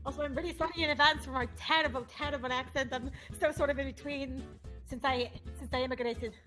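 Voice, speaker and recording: A woman's voice: sits high, lively intonation, a little slow, fairly bright tone, soft background music. A woman voicing a flustered nurse, using a wobbly put-on Irish-British accent.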